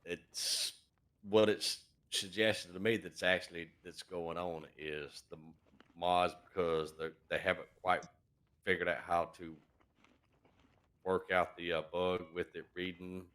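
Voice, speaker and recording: A man on voice chat explaining something to a fellow gamer, halting with many fillers. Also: deep voice, flat delivery, fairly bright tone, clean tone. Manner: halting, lots of uh and um. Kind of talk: casual explaining.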